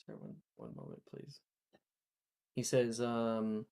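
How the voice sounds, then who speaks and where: A man narrating a tabletop game as game master, with many fillers and pauses. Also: on the low side, wildly swooping pitch, vocal fry, warm tone. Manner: slow, halting, lots of fillers.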